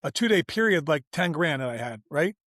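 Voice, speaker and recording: Animated storytelling man, dry close sound. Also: a little high, fairly quick, no echo. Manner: animated, acts out quoted dialogue, informal. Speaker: guest, business owner. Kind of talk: casual storytelling interview.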